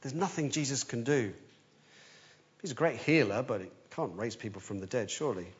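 A man preaching a sermon, telling the story with animation, swinging between urgent and hushed. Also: mid-range voice, a little fast, muffled recording.

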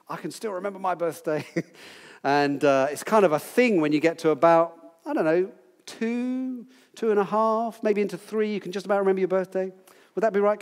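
A man's voice: high-pitched, a little mellow, in a large hall. A man in his sixties, possibly from Britain, teaching a Bible passage to a group in a chatty, playful way, quizzing his listeners as he goes. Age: 60s.

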